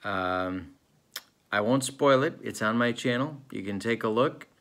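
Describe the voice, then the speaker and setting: A man narrates a tabletop baseball replay in the manner of a old-school sportscaster. His delivery is mock-serious and deadpan. It moves at an easy, relaxed pace, with plenty of fillers in between. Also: medium pitch, a little slow. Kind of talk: play-by-play style narration of a tabletop game replay.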